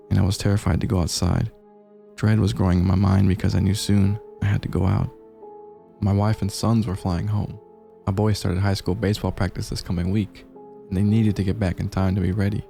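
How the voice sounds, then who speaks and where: Man, scripted horror narration, low gravelly voice, dark tone, measured delivery, faint music behind. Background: faint gameplay music.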